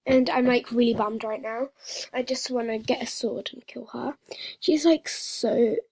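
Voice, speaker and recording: Breathy, slow-talking female gamer vlogger. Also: on the high side, steady tone, a little mellow, no echo. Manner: chatty and dramatic, often half-whispering. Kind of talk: casual gaming vlog commentary.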